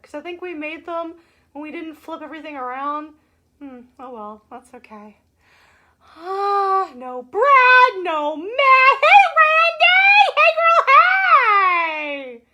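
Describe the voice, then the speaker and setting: A woman hosts a casual live stream, her voice very high and bright. She talks slowly, bubbly and chatty, calling out to viewers by name in sing-song greetings. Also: animated. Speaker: show host.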